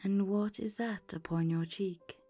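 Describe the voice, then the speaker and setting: A woman voicing a gentle, mild ghost in a storybook reading, speaking softly and slowly. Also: mid-range voice, fairly even intonation, faint music behind. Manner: soft, mild, measured.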